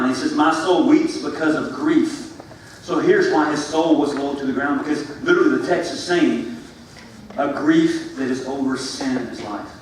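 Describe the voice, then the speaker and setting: A man preaching to middle schoolers, animated and repetitive, swinging between loud exclamations and hushed, earnest passages. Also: mid-range voice. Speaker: youth pastor. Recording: echoey room from far off, faint ambient noise.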